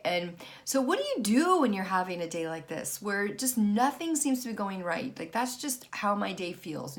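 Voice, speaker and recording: A middle-aged woman, a vlogger and author, speaks in a mid-range voice with big pitch swings in a casual personal vlog. Worn out and frustrated, she sounds frazzled and halting, stopping and restarting her sentences often.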